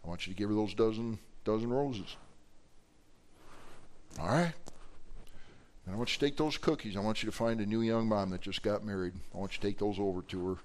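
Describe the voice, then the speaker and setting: A man voicing a calm male pastor in a sermon story, firm and steady as he gives instructions. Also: on the low side, brisk, pauses often, natural voice.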